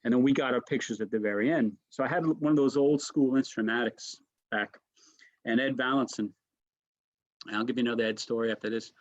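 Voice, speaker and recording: A man's voice: medium pitch, brisk, no echo, dull audio. A man, a comedian, telling anecdotes in a casual interview, restarting sentences and tossing in "right?" asides. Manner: animated storyteller, frequent restarts and "right?" asides. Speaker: comedian guest.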